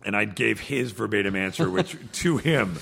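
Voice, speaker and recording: A man chatting casually as a podcast guest, halting with many restarts and fillers. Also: on the low side, animated, gravelly, fairly bright tone, slightly rough. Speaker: actor guest.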